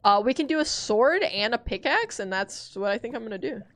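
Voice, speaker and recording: A woman in her twenties giving casual gameplay commentary, animated and self-deprecating, cursing as she rants. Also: fairly high pitch, brisk. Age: 20s. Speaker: gaming streamer.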